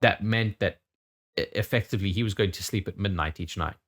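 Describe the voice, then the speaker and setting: A man's voice: deep voice, fairly quick, fairly bright tone. A man in his thirties from the UK, co-hosting a casual podcast chat, rambling with lots of restarts and casual swearing. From United Kingdom. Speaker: podcast co-host.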